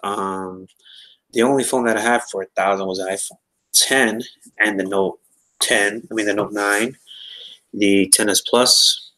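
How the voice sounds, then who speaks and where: A man's voice: fairly low pitch, steady tone, a little slow, bright, forceful tone, rough recording. A man talking casually about phones in a round-table chat, rambling with many fillers and restarts. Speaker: podcast host.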